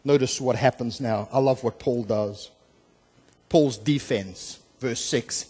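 A man preaching as a pastor, explaining scripture verse by verse, with frequent "uh" fillers and restarts, swinging between emphatic and soft, low delivery. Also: expressive, a little slow, slightly rough, in a large hall. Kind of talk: sermon. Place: church sanctuary.

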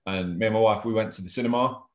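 A man's voice: fairly low pitch, fast. Chatty English man, roomy sound. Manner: chatty, laughs easily, restarts often. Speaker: co-host of a collectors' chat show. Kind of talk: casual video-call chat.

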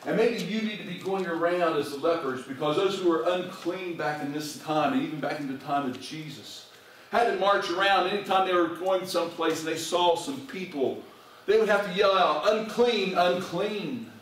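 A man's voice: on the high side, moderate pace, fairly bright tone, a little hiss or hum. A male pastor preaching a sermon to his congregation, asking them direct questions. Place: church sanctuary. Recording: very echoey church recording from far off.

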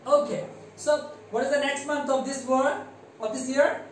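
A man with a Bangladeshi accent teaching English to primary pupils, slowly spelling words letter by letter and drilling their pronunciation. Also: very high voice, steady tone, heavy reverb, distant mic, slight background noise, low-quality recording. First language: Bengali. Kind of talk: classroom lesson.

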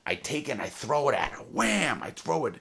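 A former jewel thief telling his prison stories in a casual, profane, animated way, full of restarts. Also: mid-range voice, quick pace, breathy edge. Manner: profane, animated, heated retelling with many restarts. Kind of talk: casual storytelling to camera.

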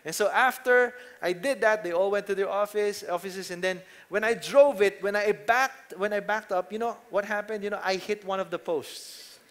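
A pastor with a Filipino accent preaches a sermon in a conversational, storytelling style, mixing in Tagalog phrases and posing rhetorical questions to the congregation. His voice is high-pitched and a bit bright, at a moderate pace with few pauses.

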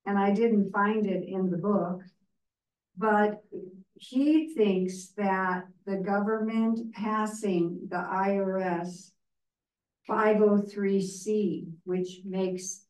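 A woman speaking slowly and hesitantly from a seat in a church class, picked up from across an echoey room. She pauses often as she searches for her words. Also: mid-range voice, steady tone, darkish tone. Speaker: class participant. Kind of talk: asking a question in a church class. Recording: echoey room, mic far off.

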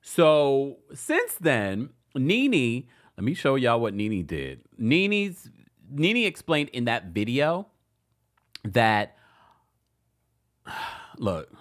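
A man's voice: medium pitch, wildly swooping pitch, extremely slow, pauses often. Brief: male gossip host, chatty and playfully shady, voice leaping up and down. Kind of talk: casual commentary.

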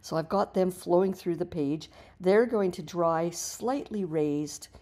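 A woman with a low, mellow voice talks through a painting lesson in an easy, chatty way. She encourages the viewer warmly and restarts her sentences as she goes. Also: a little slow. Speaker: art teacher. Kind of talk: relaxed tutorial narration over painting.

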